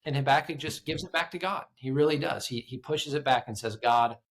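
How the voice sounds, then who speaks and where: A man's voice: fairly high pitch, quick pace, a bit bright, a little hiss or hum. A man co-hosting a casual Bible study podcast, speaking in an earnest, reflective way with some stammered restarts. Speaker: podcast co-host.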